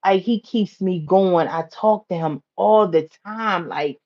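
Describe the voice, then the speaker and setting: This American woman hosts a casual livestream, telling a rambling story at an unhurried pace and repeating her phrases. Her voice is a little low, though it rises in pitch when she gets excited, and the audio is muffled like lo-fi stream sound.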